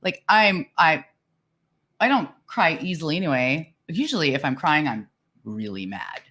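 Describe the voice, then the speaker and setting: Middle aged woman, deep-ish voice, chatty podcast host who laughs a lot. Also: moderate pace. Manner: animated storyteller who laughs often. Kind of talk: casual chat.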